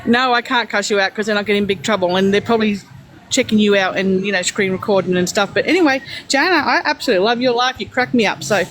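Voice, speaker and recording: A woman with an Australian accent calling in from a shop, blunt and hurried, joking around. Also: mid-range voice, fairly bright tone, slight background noise. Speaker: caller. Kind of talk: casual chat.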